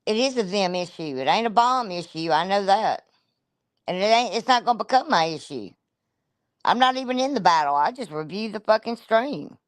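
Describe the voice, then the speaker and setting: A woman's voice: mid-range voice, lively intonation, moderate pace, no room sound. A woman streaming a profane, confrontational rant. She is blunt and she talks straight at the listener. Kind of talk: ranting livestream commentary.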